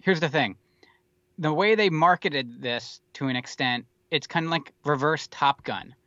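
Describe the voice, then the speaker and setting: Male podcast co-host, casual and rambling, profane asides, crisp dry close sound. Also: on the high side, a little slow, sharp tone, dry recording, dull audio. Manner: rambling, wry and profane, with many fillers. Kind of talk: casual movie chat.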